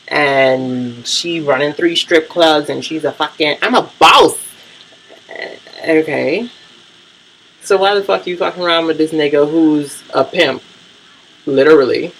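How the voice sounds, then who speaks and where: A man's voice: fairly high pitch, creaky, fairly bright tone, slight background noise, poor audio. A man vlogging casual reality-TV commentary, blunt, profane and gossipy.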